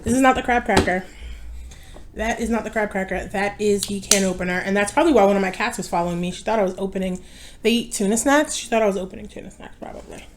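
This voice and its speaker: A woman's voice: medium pitch, quick pace, background noise. A young woman in casual chat while eating, tired and rambling, often correcting herself. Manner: rambling, easily distracted, self-correcting. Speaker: mukbang vlogger. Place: home.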